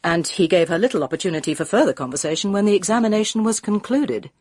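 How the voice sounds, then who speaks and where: A woman's voice: medium pitch, animated, quick pace, a little mellow, breathy edge, no room sound, studio quality. A woman reading a mystery novel aloud as narrator. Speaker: audiobook reader. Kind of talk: scripted narration.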